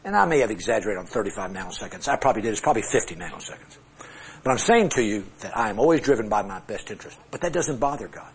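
A man's voice: on the low side, animated, racing, slight background noise. A middle-aged man teaching a Bible class with charts, talking conversationally, asking the class questions and joking at his own expense. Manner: self-deprecating humor.

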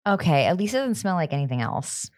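A woman's voice: fairly low pitch, sing-song, fast talker, no room sound, studio quality. A woman co-hosting a casual podcast, recapping a TV show with jokey, sarcastic asides and casual swearing. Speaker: podcast co-host.

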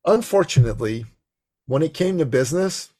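A man guest telling a story in conversation, acting out the dialogue with animation and a gravelly voice. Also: fairly high pitch, lively intonation, a little fast, warm tone.

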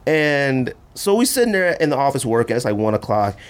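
A man hosting a casual podcast, telling a long story in an animated way and acting out the voices he quotes. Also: fairly quick. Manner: animated, acts out quoted voices with big pitch jumps. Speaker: podcast host.

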